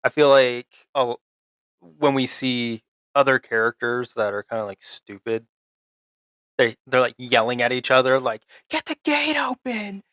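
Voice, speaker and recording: A young man co-hosting a podcast, recapping a show in a halting, rambling way full of fillers and restarts. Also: mid-range voice, flat delivery, fairly bright tone, clear, resonant tone, dry recording. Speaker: podcast co-host.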